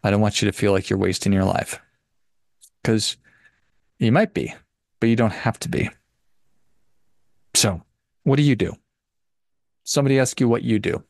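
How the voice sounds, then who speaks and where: A man's voice: lowish voice, moderate pace, gravelly, pauses often, a little mellow, dry recording, clean studio sound. A man hosting a personal finance podcast who gives a casual motivational talk in an emphatic, preachy way and repeats his points.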